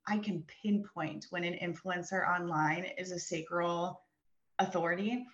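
Woman, podcast guest, coach, affirming, lowish voice, slightly dull lo-fi sound. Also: fairly even intonation, a little slow, a bit bright. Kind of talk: casual podcast chat.

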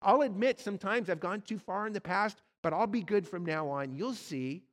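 A man voicing a little red lizard demon, manipulative, speaking in a loud, coaxing, wheedling way. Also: sits high, moderate pace, in a large hall, pitched above the performer's own voice, natural voice.

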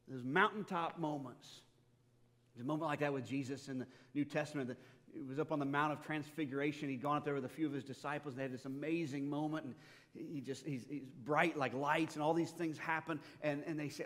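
A man's voice: on the high side, brisk. Man preaching in a reverberant hall. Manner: conversational, animated storytelling with humor. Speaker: pastor. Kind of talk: sermon. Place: church sanctuary.

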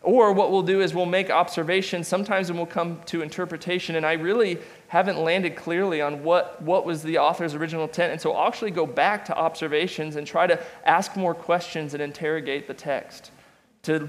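A man's voice: a little high, steady tone, fairly quick. A man teaching a Bible study class in a conversational way, with restarts and asides. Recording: long reverb of a large room.

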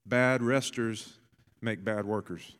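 A man in his thirties preaching a sermon as a pastor, telling family stories and building to bursts of excitement. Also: on the low side, slow pace, long reverb tail.

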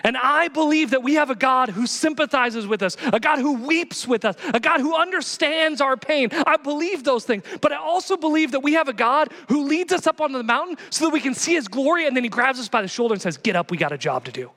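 A male pastor preaching passionately, swinging from hushed lines to loud exhortation. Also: extremely high pitch, a little fast, hardly any pauses. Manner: passionate, builds to shouting exhortations. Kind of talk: sermon. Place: church. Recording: long reverb of a church hall.

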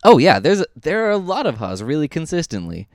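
A man co-hosting a podcast, chatting casually about a horror film in a rambling, self-correcting, animated way. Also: fairly high pitch, a little fast, no room sound, studio quality. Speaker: podcast co-host. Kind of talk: casual film review chat.

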